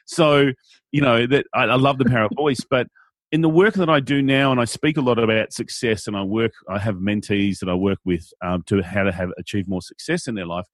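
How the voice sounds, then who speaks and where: An Australian man who works as an event MC is a guest in a conversational interview, speaking animatedly and playfully and acting out quotes in silly voices. His voice is on the low side and brisk, captured with clean studio sound and no room sound.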